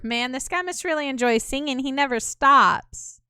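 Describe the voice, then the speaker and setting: Woman, let's play commentary, chatty, wry, very clear voice, dry sound. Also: high-pitched, moderate pace, hardly any pauses, bright, forceful tone, no echo. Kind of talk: casual gameplay commentary.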